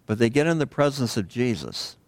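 A male pastor preaches in a relaxed, conversational way, often stopping to put rhetorical questions to his listeners. His pitch rises and falls a lot, so the delivery sounds animated. The sound is dry and close, with almost no room echo. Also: fairly quick. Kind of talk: sermon.

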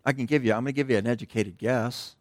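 A middle-aged man giving a conversational sermon as pastor in a church, wandering off on tangents and letting his voice sink to a hush at the ends of phrases. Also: medium pitch, steady tone, quick pace, no echo.

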